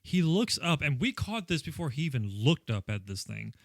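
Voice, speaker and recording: A man co-hosts a podcast, dryly mocking a cheesy training video. He swears freely. His pitch moves around a lot, and the recording is close and dry. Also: very animated, moderate pace, gravelly, no room sound. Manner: sarcastic, profane, mimics characters. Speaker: podcast co-host. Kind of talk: casual movie-riffing chat.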